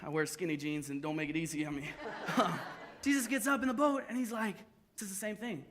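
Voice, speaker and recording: A young adult man preaching a sermon at a church service, telling stories lively with self-deprecating humor. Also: high voice, a little fast. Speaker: pastor.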